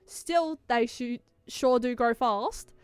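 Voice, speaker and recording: A hearty, talkative middle-aged uncle speaks in a put-on accent, as a woman reads him aloud. His voice sits fairly high and smooth. It is a visual novel read-along with a dry, close sound. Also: takes it slowly, no room sound. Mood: jovial.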